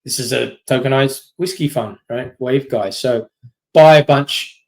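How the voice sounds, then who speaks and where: Casual man giving a quick slide talk. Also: medium pitch, poor audio. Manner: quick, loose, filler-heavy, keeps asking "right?". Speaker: company CEO giving a masterclass.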